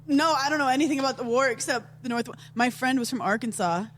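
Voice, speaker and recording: A woman's voice: high-pitched, fast talker, a bit bright, a little hiss or hum. A woman with a New York accent, a podcast guest in casual banter, brash, teasing and crude.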